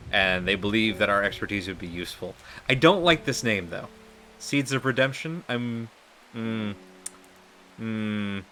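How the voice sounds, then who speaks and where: A man's voice: fairly low pitch, pushed and bright, a little hiss or hum. A man streaming a game live, thinking aloud and asking his viewers what to do next. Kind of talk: live gameplay commentary.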